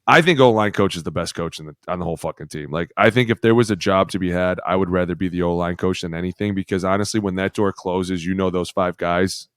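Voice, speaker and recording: Man, low voice, brash, profane, animated storyteller, dry close podcast sound. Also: clear, resonant tone, no echo. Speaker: podcast co-host, former offensive lineman. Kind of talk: casual podcast chat, storytelling.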